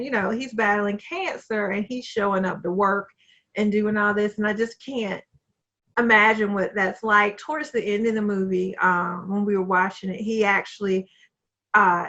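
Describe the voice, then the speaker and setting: Bright-voiced woman chatting on a call. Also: mid-range voice, dull audio. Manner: chatty, laughs easily. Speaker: podcast co-host. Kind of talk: casual movie discussion. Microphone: home computer mic on a video call.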